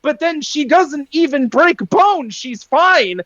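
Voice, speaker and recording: A podcaster recapping a film in casual chat, ranting with animated, exasperated disbelief and lots of swearing. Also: high-pitched, slow, dry recording, dull audio. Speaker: podcast panelist.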